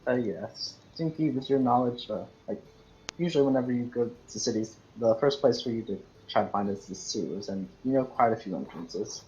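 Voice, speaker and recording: A man narrating as game master of a tabletop game, halting and full of fillers. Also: mid-range voice, darkish tone, lo-fi sound.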